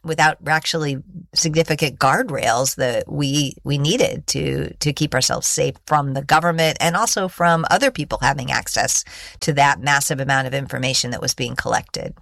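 Gravelly middle-aged woman explaining. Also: a bass voice, moderate pace, fairly bright tone, no room sound, studio quality. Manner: explanatory, with frequent fillers and restarts. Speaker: guest, executive director of a digital rights group. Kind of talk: interview storytelling.

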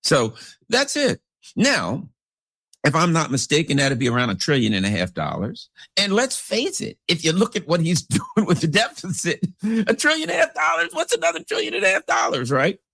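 Husky man riffing with wild pitch swings. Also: normal speed, no room sound, clean studio sound. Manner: rambling, animated, swoops into big pitch jumps; acts out characters in anecdotes. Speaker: commentator. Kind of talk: casual commentary monologue.

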